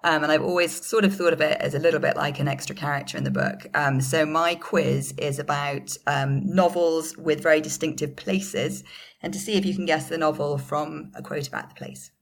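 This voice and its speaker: Brief: woman guest author hosting a book quiz, low gravelly voice, upbeat. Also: fairly even intonation, moderate pace. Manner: upbeat, frequent laughs, apologetic asides. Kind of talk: casual podcast quiz chat.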